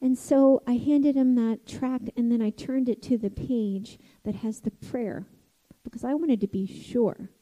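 Impassioned high-voiced woman preaching. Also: fairly even intonation, unhurried, rough recording. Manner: impassioned, swings from loud to hushed. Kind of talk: sermon.

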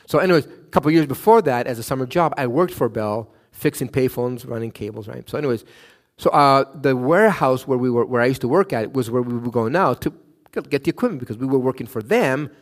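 Animated male preacher telling stories. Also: fast. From Canada. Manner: animated, acts out quotes with raised pitch, frequent "right?". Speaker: pastor. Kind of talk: sermon with storytelling.

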